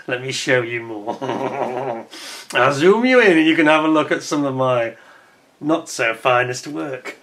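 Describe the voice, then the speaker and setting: A man's voice: mid-range voice, a bit bright. Chatty man hosting a channel. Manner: chatty, self-deprecating, laughs often. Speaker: scale-model channel host. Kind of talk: casual chat to camera.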